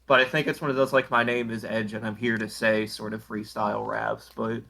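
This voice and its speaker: Podcast co-host, male, gravelly and bright-toned, deadpan profane recap delivery. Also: on the low side, brisk. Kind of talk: casual chat.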